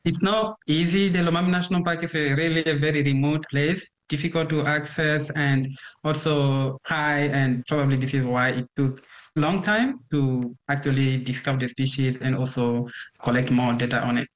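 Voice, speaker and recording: A man, a PhD student researcher, speaking earnestly in a halting interview clip. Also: a little high, steady tone.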